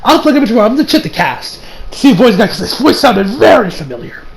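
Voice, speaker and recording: A man's voice: high voice, big pitch swings, fast, a little hiss or hum, low-quality recording. A young man casually recapping an anime episode, rambling with lots of fillers and laughs. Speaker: anime reviewer.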